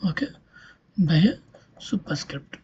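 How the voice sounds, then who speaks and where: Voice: mid-range voice, very animated, a little slow, dark tone, lo-fi sound, slight background noise. A linguistics lecturer giving a recorded online lesson, explaining step by step and often checking in with "okay".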